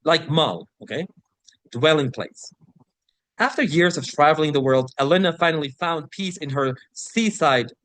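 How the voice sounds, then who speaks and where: Man, vocabulary lesson, slightly high voice, dry close sound, reads examples slowly, checks in with listeners. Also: lively intonation, a bit bright, no room sound. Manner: explains and checks in with frequent "right?"; slows to read example sentences and passages aloud. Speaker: vocabulary teacher. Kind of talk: online English vocabulary lesson.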